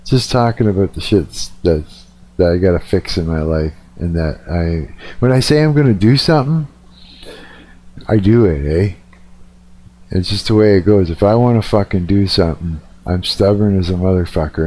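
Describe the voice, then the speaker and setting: A man chats casually on a live stream, a little tired, rambling, swearing freely, and restarting sentences. His voice is low-pitched and mellow, at a moderate pace.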